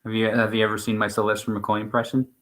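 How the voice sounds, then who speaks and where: A man's voice: on the low side, completely flat delivery, fast, a bit bright. A man co-hosting a stream in casual chat, rambling and opinionated, with many restarts. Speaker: stream co-host.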